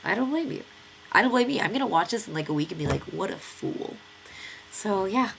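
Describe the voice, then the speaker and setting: A young American woman in her twenties, stuffy-nosed from a cold, rambles through a long story in her vlog, packed with fillers and acted-out quotes. She talks fast at a medium pitch with vocal fry, over a little hiss or hum. Her storytelling is chatty and lively.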